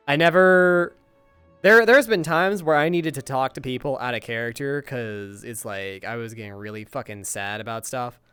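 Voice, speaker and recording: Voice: mid-range voice, moderate pace, fairly bright tone, clean tone, no room sound, soft background music. A streamer chatting casually to viewers out of character, rambling and exasperated, swearing heavily. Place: at home, recording in virtual reality.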